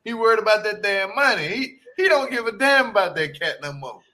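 A man's voice: high-pitched, expressive, fairly quick, bright, forceful tone. A man co-hosting a casual chat, slangy and joking, often breaking into laughs. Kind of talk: casual chat reacting to a reality show.

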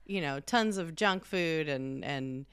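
A woman's voice: deep voice, lively intonation, slow pace, smooth, dry recording. A woman in her thirties, a parent, chatting casually and rambling with lots of fillers. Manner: rambling, filler-heavy storytelling. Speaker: parent of a young child. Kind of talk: casual chat.

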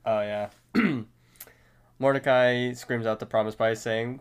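A man's voice: medium pitch, fairly even intonation, slow pace, clean tone. A man co-hosting a podcast, steadily retelling a cartoon episode scene by scene in casual talk. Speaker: podcast co-host. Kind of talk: casual recap narration.

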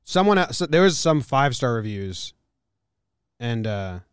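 A man's voice: medium pitch, sing-song, a little slow, clear, resonant tone, no room sound, clean studio sound. A man hosting a podcast, chatting in a laid-back, rambling way and laughing often. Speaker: podcast host. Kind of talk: casual chat. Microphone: studio mic.

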